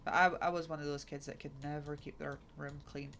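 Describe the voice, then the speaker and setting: A woman's voice: low voice, flat delivery, brisk, a bit bright. A woman in her thirties streaming a game, chatting casually and frankly with lots of fillers. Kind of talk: casual chat while gaming. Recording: noisy, keyboard clicks behind.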